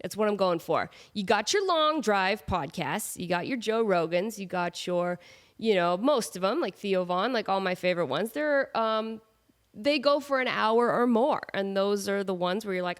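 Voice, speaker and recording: A woman in her thirties hosts her solo podcast from home, her voice nasal and stuffed up from a cold. She chats along in a self-mocking way, wandering off into asides, with her pitch sitting in a middle range for a woman. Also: lively intonation, normal speed. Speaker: podcast host. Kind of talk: casual solo podcast chat.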